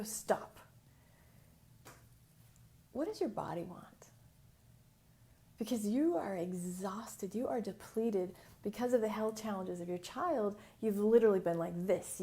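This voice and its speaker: Solo podcast host, woman, chatty, storytelling, mid pitch. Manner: chatty and animated, acts out voices in quotes. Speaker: business mentor and podcast host.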